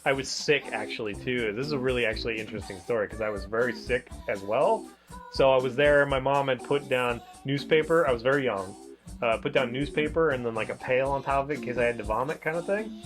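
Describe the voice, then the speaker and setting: A man co-hosting a review show in casual chat, a rambling and animated storyteller. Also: medium pitch, fast talker, over music.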